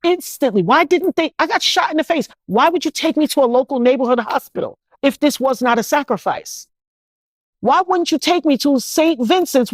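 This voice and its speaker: A middle-aged woman from New York with a higher-than-usual voice tells her story as an interview guest. She is animated and indignant, often breaking into quick impressions of the people around her. The recording is close and dry, with no room sound. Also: no echo. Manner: animated, acts out others' voices, indignant questioning. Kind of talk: emotional first-person storytelling.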